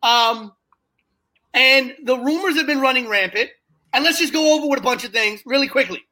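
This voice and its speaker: A man co-hosting a wrestling talk show, talking in halting runs with repeated words and fillers. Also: very high voice, pushed and bright. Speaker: podcast co-host.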